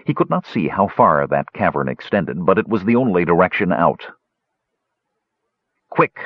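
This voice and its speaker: A man reading a fantasy adventure aloud in steady, measured scripted narration. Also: deep voice, no room sound. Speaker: audiobook narrator. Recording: dull, dry lo-fi recording.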